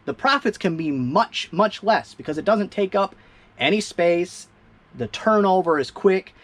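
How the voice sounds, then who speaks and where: Chatty high-voiced man packing orders. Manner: rambling, chatty, self-amused. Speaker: eBay reseller. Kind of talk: casual vlog narration while packing orders.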